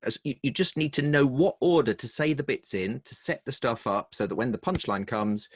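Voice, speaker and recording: A man's voice: mid-range voice, moderate pace, husky, no echo. An English man with a wry, chatty, storytelling manner, a humor coach talking in an online interview over a video call. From England.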